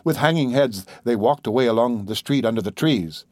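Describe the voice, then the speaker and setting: A man narrating a classic literary story in a measured, expressive reading. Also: medium pitch, no room sound, studio quality. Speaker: audiobook narrator.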